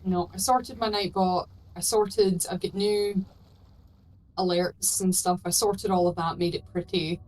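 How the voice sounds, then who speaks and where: A woman's voice: lowish voice, fairly even intonation, a little slow, a little mellow, rough recording. A woman co-hosting a game stream, telling stories in a chatty way and swearing casually. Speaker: co-streamer guest. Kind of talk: casual chat while gaming.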